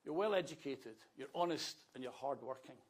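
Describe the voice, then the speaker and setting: A man's voice: medium pitch, animated, a little fast. A Scottish man in his fifties giving an anecdotal public talk about his life, conversational with wry asides. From Scotland. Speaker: speaker telling his life story.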